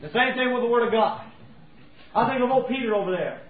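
A man's voice: very high-pitched, lively intonation, fast talker. A man preaching a sermon in a folksy way, acting out everyday scenes. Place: church sanctuary. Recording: tinny, roomy, from far off.

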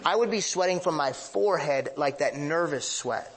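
Man, pastor, sermon, fairly high voice, emphatic, confessional storytelling. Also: expressive, moderate pace, a little hiss or hum. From northern United States. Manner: emphatic, with sweeping pitch rises.

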